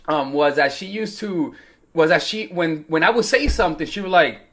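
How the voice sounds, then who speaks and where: A young man coaching women on dating, his voice high and bouncing all over the place. He tells his story loosely, swears freely and acts out the voices of people he quotes. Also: expressive, moderate pace, fairly bright tone. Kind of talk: casual talking-to-camera advice.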